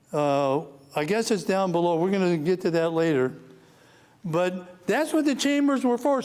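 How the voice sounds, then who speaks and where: A man teaching a Sunday school lesson in a church, reading scripture slowly and turning low and somber as he presses his point. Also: a little mellow. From United States. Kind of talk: Bible teaching sermon.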